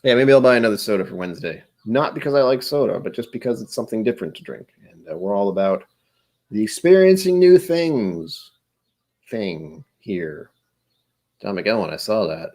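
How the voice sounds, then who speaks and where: A man's voice: fairly low pitch, a little fast, darkish tone. A man hosting a live stream, chatting casually and rambling, tired and self-deprecating, greeting viewers by name. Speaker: livestream host.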